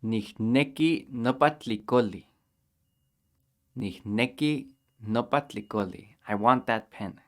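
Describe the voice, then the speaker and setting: A man teaching a language lesson, patiently repeating each phrase slowly and clearly for learners to copy. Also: medium pitch, fairly bright tone.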